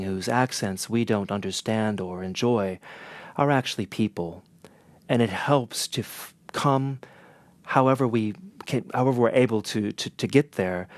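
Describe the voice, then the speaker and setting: A man with a Northern American accent, an interpreter teaching in a measured, earnest way. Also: fairly low pitch, no echo. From northern United States. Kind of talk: scripted lesson to camera.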